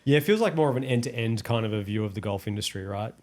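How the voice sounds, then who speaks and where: A man from Australia with an Australian accent, co-hosting a podcast in a relaxed, joking, enthusiastic chat. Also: medium pitch, fast talker. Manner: enthusiastic, joking, says mate. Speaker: podcast co-host. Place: in-person studio.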